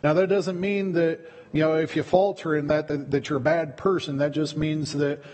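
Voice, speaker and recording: A male pastor delivers a sermon in a loose, conversational way, often doubling up his words mid-thought. His voice sits a little high and has a husky edge. It rings out with the long reverb of a church sanctuary. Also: steady tone, moderate pace, few pauses, darkish tone. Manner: conversational, repeats words while preaching.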